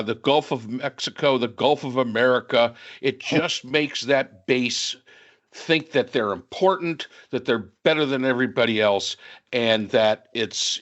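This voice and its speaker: A man's voice: medium pitch, fairly bright tone. A man talking on a podcast panel in a casual political discussion, opinionated and sarcastic, rambling with restarts. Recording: dull lo-fi sound.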